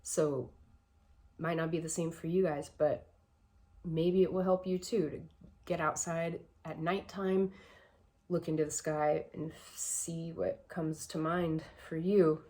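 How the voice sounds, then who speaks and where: A woman's voice: sits low, fairly even intonation, slow, mellow. A woman vlogger giving casual personal advice, reflective and a bit emotional, with a shaky voice and many fillers.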